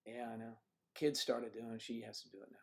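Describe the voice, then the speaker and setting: An older man with a gravelly, mid-range voice hosts a casual livestream from home. He wanders through anecdotes, restarting sentences and clearing his throat as he goes. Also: medium pitch, flat delivery, a little fast. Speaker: livestream host. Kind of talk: casual chat reading viewer comments.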